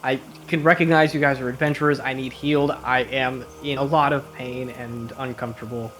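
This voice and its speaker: A man's voice: mid-range voice, fairly even intonation, brisk, fairly bright tone, slight background noise, natural voice. A man voicing a wounded male civilian who halts and pleads for healing. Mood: pleading.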